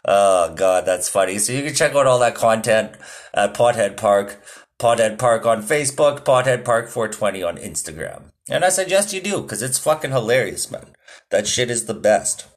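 A man's voice: on the low side, expressive, normal speed. A man hosting a podcast, chatting casually with a loose, rambling delivery and frequent swearing. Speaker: podcast host. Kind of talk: profane casual podcast chat.

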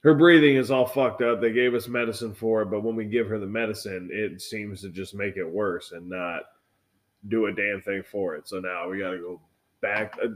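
A young man co-hosting a casual podcast chat, telling stories in a profane, animated way. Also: on the low side, normal speed. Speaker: podcast co-host.

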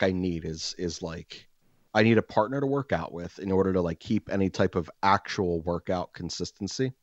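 Deep-voiced man rambling with crude humor. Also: dry recording. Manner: rambling, many "like" fillers, crude jokes; acts out quoted dialogue with jumps in pitch. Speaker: podcast host. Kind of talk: casual storytelling chat. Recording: dry, slightly dull podcast mic.

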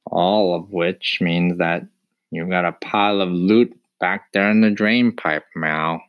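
A man voicing an impatient male cat in an audiobook, dry and deadpan. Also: deep voice, slow, clean tone, muffled recording. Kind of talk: audiobook character voice.

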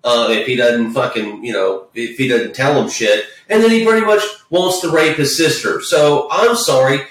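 A man's voice: mid-range voice, moderate pace, fairly bright tone. Rambling, swearing man in an echoey room. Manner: rambling, profane, with many false starts. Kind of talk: casual movie chat. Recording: echoey room, far from the mic.

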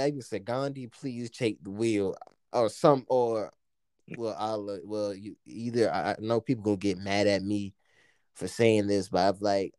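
A young man from the United States telling a story in casual chat, animated and profane, often laughing. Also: on the low side, clean tone, no echo, clean studio sound.

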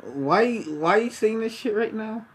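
A man's voice: sits high, expressive, measured pace, breathy edge. Exasperated young man in casual banter. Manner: defensive, exasperated, laughs through his stories. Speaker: friend in a recorded chat.

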